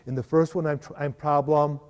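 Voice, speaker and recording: Man, workshop trainer, mellow voice, slightly high pitch, long hall reverb. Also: a little fast, clean tone. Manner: lively, asks the audience for agreement. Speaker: trainer giving a parish workshop. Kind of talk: live workshop talk.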